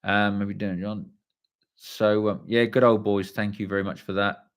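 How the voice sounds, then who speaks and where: A man's voice: lowish voice, little pitch movement, moderate pace. A middle-aged man hosting a live stream, reading viewer comments in a casual, rambling way and swearing freely. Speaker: livestream host.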